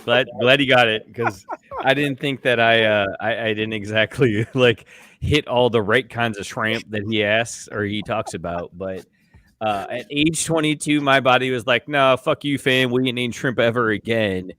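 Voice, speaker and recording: A man's voice: medium pitch, moderate pace, a bit bright. A young man co-hosting a casual beer podcast, rambling through crude jokes and stories. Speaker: podcast co-host.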